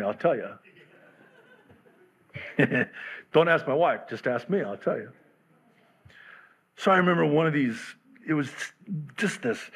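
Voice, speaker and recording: A man's voice: mid-range voice, fairly bright tone, slightly rough. A male pastor preaching a sermon in a candid, self-deprecating, humorous way.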